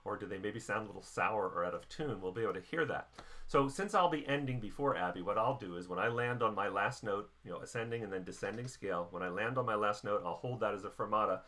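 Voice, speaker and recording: Bright-voiced patient male band teacher. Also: on the low side, fast. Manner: patient step-by-step explaining. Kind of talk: instructional lesson.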